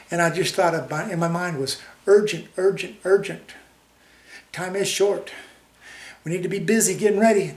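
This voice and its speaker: A man speaks in a slightly high voice, delivering an informal prophecy warning. He is urgent and folksy, repeating phrases and restarting sentences as he goes. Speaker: online preacher.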